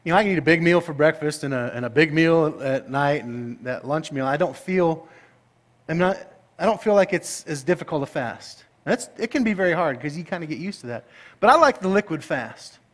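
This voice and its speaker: A middle-aged man delivers a sermon as pastor, his voice sitting noticeably high. He tells stories playfully and climbs into excited outbursts. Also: a little fast. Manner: animated, playful storytelling that rises to excited, high-pitched outbursts.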